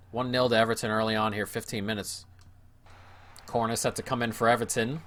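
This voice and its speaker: A man giving casual let's-play commentary on a football video game, chatting to viewers and calling the action play by play. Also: mid-range voice. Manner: chatty play-by-play, bursts of excitement at goals. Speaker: gaming video creator.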